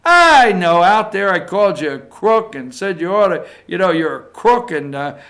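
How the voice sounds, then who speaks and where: With a high, fairly bright voice that swings widely in pitch, a man speaks at a moderate pace in his political opinion monologue as a show regular. He's emphatic and repetitive, closing his points with "okay?"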